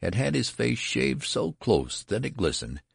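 A man narrating a story in a measured, wry manner. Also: mid-range voice, very animated, vocal fry, breathy edge, no room sound, clean studio sound.

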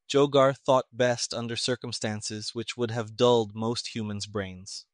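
A man narrating an audiobook in a steady, plain manner. His voice sits at an ordinary pitch, neither high nor low. The recording is dry and close, with no room sound. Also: unhurried, few pauses, dry recording.

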